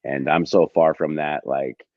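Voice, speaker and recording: A man speaking as a guest on a casual podcast, telling candid, profane stories in an animated way. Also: very deep voice, unhurried, no echo, narrow, tinny audio.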